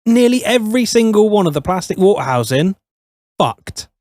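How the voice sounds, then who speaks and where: Grumbling man, higher voice. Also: big pitch swings, moderate pace, a little mellow, dry recording. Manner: blunt, grumbling complaints. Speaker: podcast co-host. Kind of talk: casual chat.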